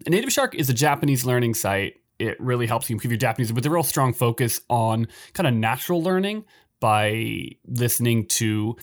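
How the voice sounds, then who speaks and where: A relaxed man co-hosting a podcast, chatting casually and a little self-deprecatingly. His voice sits in a middle pitch and he rambles easily from thought to thought. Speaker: podcast co-host. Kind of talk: casual bilingual podcast chat.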